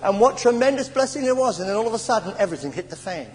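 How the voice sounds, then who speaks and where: An English man preaching a sermon in a church, telling stories with animated stammers and sighs. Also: high voice, rapid-fire. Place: church hall. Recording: old church sermon tape in a reverberant hall with faint hiss.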